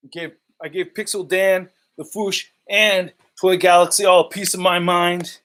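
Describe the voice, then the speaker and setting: A man's voice: high voice, little pitch movement, a little slow, a bit bright. A man hosting a casual live stream about toy collecting, rambling and joking, often laughing and repeating himself.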